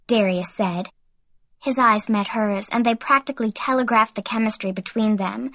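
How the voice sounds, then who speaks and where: A woman narrating a first-person audiobook in an expressive reading voice. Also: mid-range voice, no room sound.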